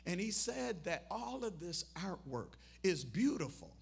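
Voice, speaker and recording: A man preaching a memorial sermon. He tells a parable, acts out what people say, and swells into loud, emphatic appeals. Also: a little high, very animated, a little slow, creaky, hardly any pauses, slightly rough.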